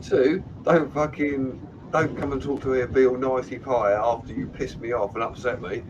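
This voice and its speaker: A man's voice: medium pitch, fairly even intonation, normal speed, highs cut off, background noise. A man hosting a casual livestream, greeting viewers and chatting with plenty of swearing. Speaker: livestream host.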